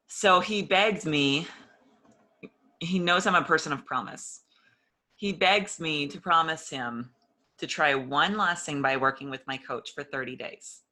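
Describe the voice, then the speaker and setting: A woman's voice: deep voice, a little slow, pushed and bright. A woman telling her personal story in an interview, earnest and openly emotional, acting out old conversations as she goes. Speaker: interview guest.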